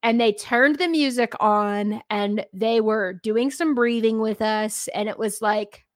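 A woman's voice: on the high side, a little slow, dry recording. A woman hosting a podcast, chatting casually and telling a personal story. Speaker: podcast host. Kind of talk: casual conversation.

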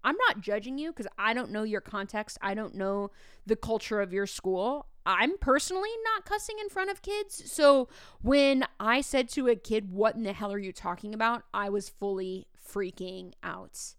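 Animated woman in her thirties telling stories. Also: medium pitch, measured pace, smooth, dry recording, studio quality. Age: 30s. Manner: animated, acts out quoted dialogue, many fillers. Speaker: teacher and podcast host. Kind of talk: casual storytelling monologue.

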